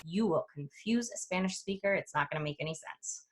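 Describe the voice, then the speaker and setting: A woman language coach teaching a grammar lesson, explaining clearly and step by step, and slowing down to spell out example phrases. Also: low voice.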